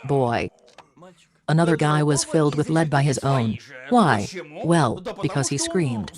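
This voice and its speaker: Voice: medium pitch, animated, normal speed, crowd noise. A film reviewer giving sarcastic, mocking scripted narration in slightly broken English.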